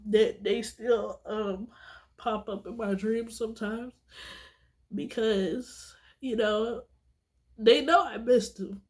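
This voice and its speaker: A woman's voice: a little high, fairly even intonation, takes it slowly. A woman vlogger talking straight to her viewers in a casual monologue, earnest and teary, repeating herself for emphasis.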